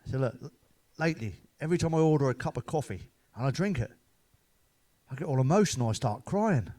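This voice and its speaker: This middle-aged comic talks fast and with animation in a warm, medium-pitched voice. He fires off one-liners and dad jokes, swearing a lot and laughing at his own gags.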